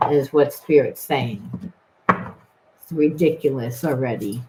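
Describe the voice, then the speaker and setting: Low-voiced woman giving a spiritual reading. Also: lively intonation, slow pace, a little hiss or hum, rough recording. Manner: rambling, emphatic, with many restarts. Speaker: tarot reader.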